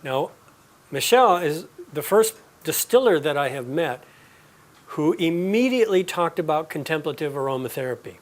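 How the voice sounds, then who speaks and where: A man teaching a live class, explaining and telling stories in a relaxed, conversational way. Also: a little high, moderate pace. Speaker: aromatherapy teacher.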